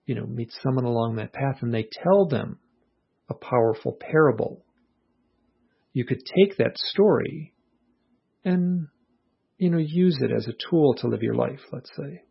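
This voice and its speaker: A man with a gravelly, husky edge to his voice talks through a personal story as an interview guest. He is earnest and reflective, acting out his own thoughts in quotes. The audio sounds muffled and low-fidelity. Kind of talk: casual conversational storytelling.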